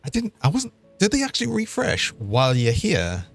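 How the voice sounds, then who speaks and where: A man's voice: on the high side, wildly swooping pitch, normal speed, creaky. A young man, chatting and laughing as he streams a game. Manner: chatty, laughs often, thinks aloud. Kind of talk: live gameplay commentary.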